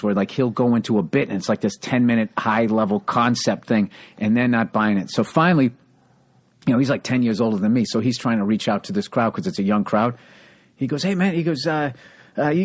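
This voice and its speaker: A man's voice: medium pitch, brisk. Profane storytelling male comedian. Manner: profane, animated storytelling with acted-out quotes. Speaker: comedian and podcast host. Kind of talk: casual storytelling chat.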